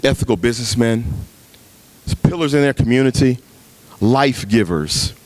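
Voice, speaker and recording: Man preaching a lively sermon. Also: normal speed. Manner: preaching with big pitch swings, acting out dialogue with God. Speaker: pastor. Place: retreat gathering room.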